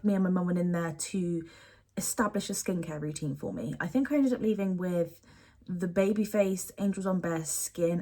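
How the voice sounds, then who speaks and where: A young woman, chatting casually and gushing to camera about beauty products she misses. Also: mid-range voice. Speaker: beauty vlogger.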